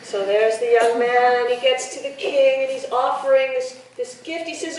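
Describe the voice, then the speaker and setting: A woman telling a folk tale to a live audience, playful and lively, bantering with listeners. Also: sits high, moderate pace, few pauses. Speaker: storyteller. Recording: echoey hall from far off.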